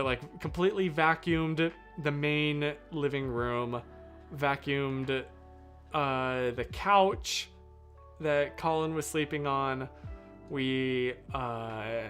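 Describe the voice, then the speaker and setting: Slow, rambling live streamer. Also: mid-range voice, fairly bright tone. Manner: rambling, self-correcting, chatty with viewers. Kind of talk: casual live-stream storytelling.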